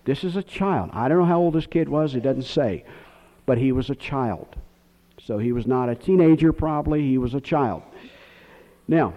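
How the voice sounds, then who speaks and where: A man's voice: mid-range voice, animated, normal speed. A man preaching a sermon, rambling off on tangents and then hammering his points hard. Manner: rambling, digressive preaching with sudden emphatic outbursts. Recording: dull lo-fi recording.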